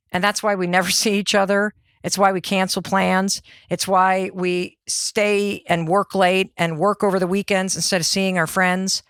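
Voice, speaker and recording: A middle-aged woman hosting a motivational podcast, talking in an energetic, conversational way and asking herself rhetorical questions. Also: mid-range voice, no room sound, clean studio sound. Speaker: podcast host.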